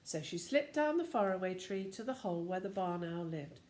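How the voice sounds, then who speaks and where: An older woman reading a children's storybook aloud as a lively storyteller who talks to the listener. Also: lowish voice, normal speed, reverberant.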